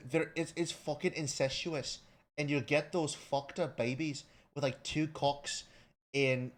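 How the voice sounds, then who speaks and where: A man in a mid-pitched voice, talking off the cuff on a livestream. He rambles and swears, trips over his own restarts and suddenly jumps into loud, high-pitched excited bursts. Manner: rambling, profane, stumbling restarts. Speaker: streamer. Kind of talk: casual livestream rant.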